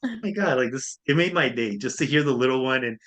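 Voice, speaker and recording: A man's voice: medium pitch, quick pace, a bit bright. A man talking as an interview guest, upbeat and enthusiastic in a loose, chatty way. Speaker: guest speaker and coach. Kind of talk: casual interview chat.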